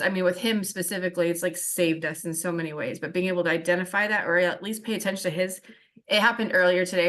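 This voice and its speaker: A woman's voice: fairly low pitch, fairly bright tone. A middle-aged woman chatting on a group video call, rambling through stories and acting out the people in them. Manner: rambling storyteller, quotes people in dialogue. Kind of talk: casual chat.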